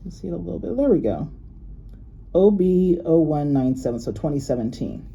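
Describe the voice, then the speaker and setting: A woman's voice: low-pitched, animated, fairly quick, gravelly, mellow, slightly rough, highs cut off. A woman chatting casually and rambling as she shows off her new jewelry, laughing often. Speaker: luxury unboxing vlogger. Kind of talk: casual show-and-tell chat.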